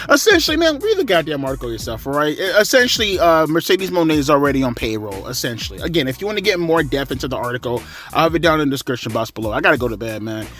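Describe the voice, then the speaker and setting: A man's voice: fairly high pitch, fairly bright tone. Tired, profane man reviewing wrestling. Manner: blunt, profane, rambling. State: tired, slightly out of breath. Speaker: wrestling commentary vlogger. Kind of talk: casual spoken review.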